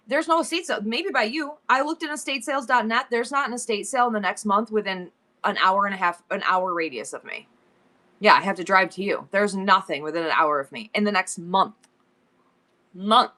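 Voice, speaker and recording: A woman's voice: medium pitch, sharp tone. A middle-aged woman hosting a live-stream sale, talking in a rambling, chatty way and laughing often. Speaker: live-stream reseller host. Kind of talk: casual live-stream selling chat.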